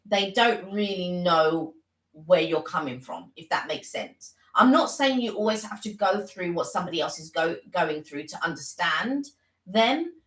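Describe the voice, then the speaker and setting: A woman's voice: fairly low pitch, fairly bright tone, reverberant, poor audio. A woman co-hosting a casual live stream, talking earnestly and rambling with many restarts.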